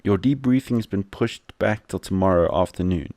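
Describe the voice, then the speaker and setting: A man voicing a calm male paramedic, reading the lines in a reassuring way and stumbling over the script. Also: sits low, normal speed, no room sound, clean studio sound, natural voice.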